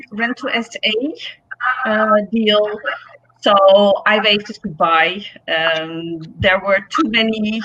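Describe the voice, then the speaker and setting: A woman from the Netherlands calling in as a guest, talking in a hesitant, halting way with many fillers. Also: a little high, sharp tone, slight background noise, low-quality recording. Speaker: guest caller. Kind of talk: casual chat.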